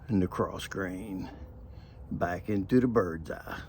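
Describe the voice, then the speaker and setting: Slow, folksy man. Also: low-pitched, a little mellow, breathy edge. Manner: folksy, rambling, jokey asides. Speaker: pipe tobacco reviewer. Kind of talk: casual video review.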